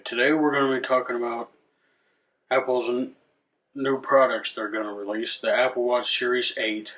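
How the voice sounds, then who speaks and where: A man's voice: medium pitch, a bit bright. A man hosting a rant video, swearing a lot, irritated and sarcastic, with frequent restarts. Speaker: channel host. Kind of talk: ranting commentary.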